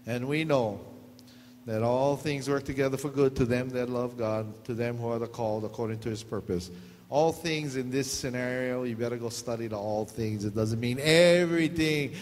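A man's voice: mid-range voice, measured pace. A man pastor, preaching a joking sermon, laughing often and acting out quotes. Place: church hall. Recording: long hall reverb, faint noise.

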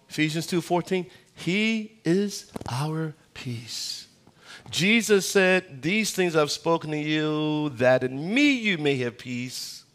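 A high-voiced man delivers a sermon as a guest pastor. He tells stories with acted-out voices and leans into slow, weighty phrasing on key points. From United States. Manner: animated storytelling, acts out voices in anecdotes; preaching with dramatic slowdowns on key phrases.

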